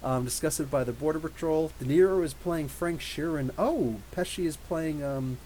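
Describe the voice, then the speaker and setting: A man in his thirties hosting a live podcast, reading out chat messages and rambling animatedly with quick asides and frequent laughs. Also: on the high side, dark tone, slight background noise, poor audio. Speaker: podcast host. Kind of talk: live stream chat reading super chats.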